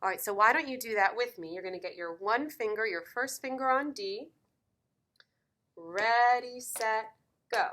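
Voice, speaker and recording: A woman's voice: a little high, moderate pace, a bit bright. A woman teaching piano in a lesson video, encouraging and counting beats aloud.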